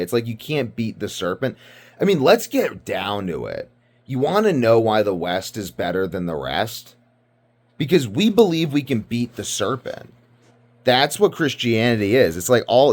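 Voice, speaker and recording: A man's voice: lowish voice, a little mellow. A man from Britain giving rambling casual commentary, ranting and profane, full of fillers. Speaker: video commentator.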